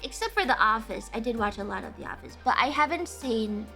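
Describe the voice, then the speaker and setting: A woman hosting a casual live stream, chatting with viewers in an animated, profane, ranting way, often breaking into laughter. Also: fairly high pitch, fairly quick, creaky, soft background music. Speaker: livestream host.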